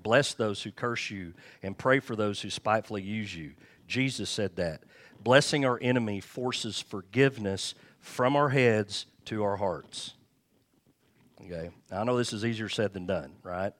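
A pastor preaching a sermon, candid and joking, with chuckled asides to the congregation. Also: male voice, fairly low pitch.

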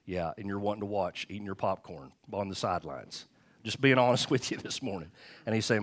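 A pastor preaching a sermon, candid and joking, with chuckled asides to the congregation. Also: male voice, on the low side, a little fast.

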